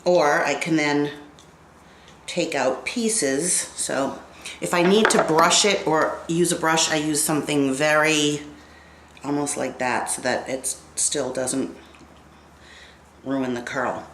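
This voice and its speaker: Woman in her 50s, beauty vlogger, stuffy nose, slow unhurried chat, lowish voice, echoey room with faint hiss. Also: fairly even intonation, fairly bright tone. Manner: chatty and unhurried, talking to viewers while styling hair. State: congested. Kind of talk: casual get-ready-with-me hair tutorial.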